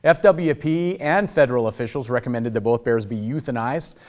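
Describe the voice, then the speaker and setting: A man reading scripted news headlines as a morning news anchor, steady and formal. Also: medium pitch, fairly quick.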